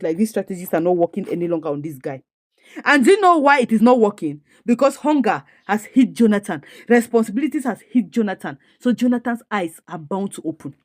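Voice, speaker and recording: A woman's voice: mid-range voice, darkish tone, dry recording, clean studio sound. A woman with a Nigerian accent retelling a comedy series episode in a chatty style, asking her listeners questions and adding moral asides. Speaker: movie recap narrator. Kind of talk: casual storytelling recap.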